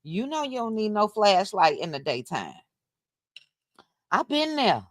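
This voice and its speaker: A woman's voice: medium pitch, sing-song, measured pace, dry recording, clean studio sound. A middle-aged woman hosting a casual late-night livestream chat at home, laughing and teasing as she reads her viewers' comments. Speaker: livestream host reading chat.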